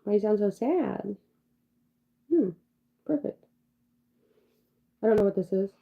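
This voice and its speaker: A woman's voice: medium pitch, lively intonation, slow, vocal fry. Young woman, tarot reader on a livestream; loose, rambling, filler-heavy delivery with casual swearing; dull lo-fi audio. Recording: dull lo-fi sound.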